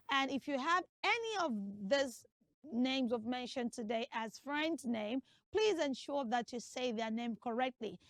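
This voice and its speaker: This high-voiced woman is heard in clean studio sound with no echo, acting as a comedic pronunciation instructor. She drills the class forcefully and spells out names letter by letter, all part of a comic classroom lesson sketch.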